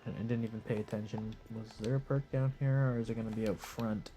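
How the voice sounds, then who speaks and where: A young man giving laid-back, rambling live commentary on a game while lying in bed, his voice hoarse and his nose stuffy, swearing casually as he talks. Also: on the low side, fairly even intonation, quick pace, dark tone, a little hiss or hum. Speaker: gaming commentator.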